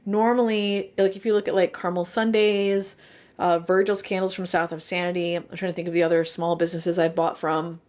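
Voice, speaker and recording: A woman's voice: lowish voice, flat delivery, brisk, darkish tone. Chatty woman reviewing candles. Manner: chatty, detailed, thinks aloud. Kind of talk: casual review vlog.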